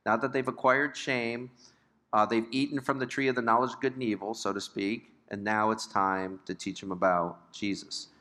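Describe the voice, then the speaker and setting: A man's voice: fairly low pitch, steady tone, moderate pace, fairly bright tone. An older man leading a Bible study class. He talks conversationally, asks the group questions and drops in joking asides. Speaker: Bible teacher.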